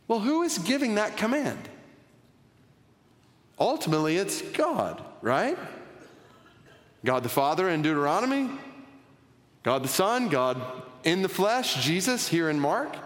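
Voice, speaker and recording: A man's voice: high voice, huge pitch swings, a little slow, pauses often. A man preaching a sermon as a pastor, earnest and building in energy as he stresses his points. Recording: long hall reverb.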